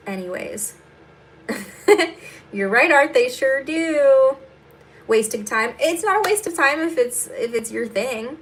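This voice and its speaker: A woman's voice: mid-range voice, fairly bright tone, slight background noise. A young adult woman comedian hosting a casual livestream, answering viewers bluntly and sarcastically, with plenty of swearing, while she does her makeup.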